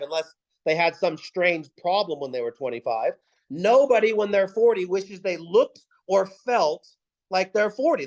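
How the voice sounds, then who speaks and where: Over poor audio, a man with a high voice leads his team's video call with a sales pep talk. Punchy, emphatic rhetorical questions fill his speech, and he repeats points for effect.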